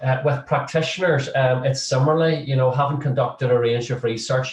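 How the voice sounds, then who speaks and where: A man's voice: medium pitch, flat delivery, brisk. Male lecturer, middle-aged, chatty and joking, recorded with a distant mic in an echoey room. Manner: chatty and humorous, with frequent restarts. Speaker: social work lecturer. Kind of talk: casual interview chat.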